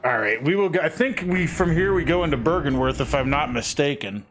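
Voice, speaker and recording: A man's voice: on the high side, animated, fairly quick, a bit bright, soft background music. A man in his forties, a game streamer, chatting casually with his viewers in an easygoing way and greeting them by name. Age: 40s. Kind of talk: casual live-stream chat.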